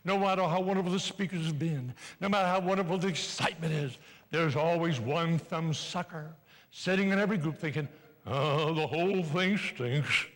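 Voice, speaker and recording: Older guy doing a playful pep talk, high bright voice, big hall reverb. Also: brisk. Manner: animated, playful, urging the audience. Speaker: motivational speaker. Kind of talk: live motivational speech. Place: large hall before an audience.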